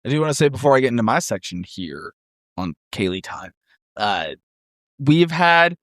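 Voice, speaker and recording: A young man co-hosting a casual podcast, animated and enthusiastic. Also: mid-range voice, normal speed, no room sound, clean studio sound. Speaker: podcast co-host. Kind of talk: casual chat.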